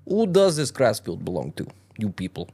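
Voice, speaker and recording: A man's voice: on the low side, wildly swooping pitch, normal speed, gravelly, mellow, breathy edge, exaggerated voice. A man voicing a cunning male tomcat in a put-on German accent, pleading and giving orders in a theatrical way. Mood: commanding.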